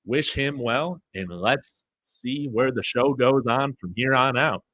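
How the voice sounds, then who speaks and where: A man's voice: medium pitch, takes it slowly, a bit bright. A man hosting a livestream watch-along of a sports commitment, chatting casually to his viewers with many fillers and restarts. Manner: addresses viewers directly. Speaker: sports fan show host.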